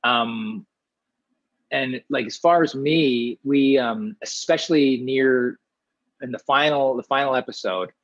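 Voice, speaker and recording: Man from small-town Ontario, actor guest, chatty and rambling, mid-pitched voice, dull dry lo-fi recording. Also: no echo. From small-town Ontario, Canada. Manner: chatty, animated, many restarts, quick asides. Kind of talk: casual interview answers.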